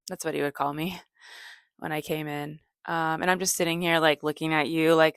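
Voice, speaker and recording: A woman comedian hosting a podcast, telling stories in a deadpan, low-energy way, rambling with fillers and self-corrections. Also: moderate pace, gravelly, clean tone, dry recording, studio quality. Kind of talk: casual storytelling monologue.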